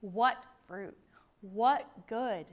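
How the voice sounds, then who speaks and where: A middle-aged woman teaching a Bible sermon, emphatic, swinging between loud declarations and hushed lines. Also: fairly high pitch, extremely slow.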